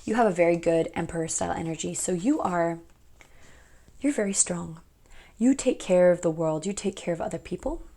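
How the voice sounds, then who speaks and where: A woman's voice: fairly low pitch, fairly quick, warm tone. Chatty young woman reading tarot cards. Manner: chatty, rambling, often laughing. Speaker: tarot card reader. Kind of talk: casual pick-a-card tarot reading.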